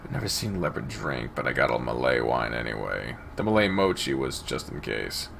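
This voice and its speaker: A man hosting a let's-play, reading a visual novel aloud with expressive delivery that swings between soft and loud. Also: extremely low pitch, normal speed, vocal fry, slight background noise. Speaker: game let's-play host.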